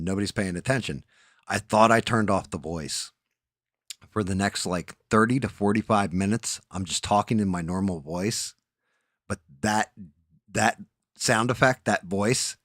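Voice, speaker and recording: Lower-voiced man chatting on a live stream. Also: no echo, studio quality. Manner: rambling, swears casually, self-deprecating. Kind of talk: casual live stream chat.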